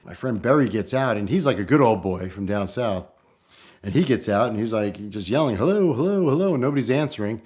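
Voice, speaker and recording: A middle-aged man from New York telling a road story in a casual, animated way, acting out the people he quotes. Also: brisk. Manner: animated, acts out quoted voices with rising pitch. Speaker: storyteller guest.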